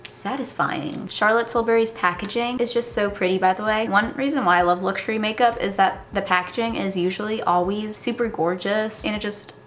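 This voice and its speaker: A woman's voice: mid-range voice, fairly even intonation, brisk, hardly any pauses, slight background noise. A young woman chatting casually as a beauty vlogger, reviewing makeup at her desk with lots of "like" fillers. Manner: chatty, filler-heavy with frequent "like". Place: indoors at a desk.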